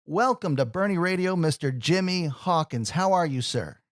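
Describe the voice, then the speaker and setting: A man's voice: on the high side, animated, moderate pace, dry recording, clean studio sound. A man hosting a radio interview, earnest and openly emotional as he talks. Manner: warm-hearted, earnest, emotional. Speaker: radio host.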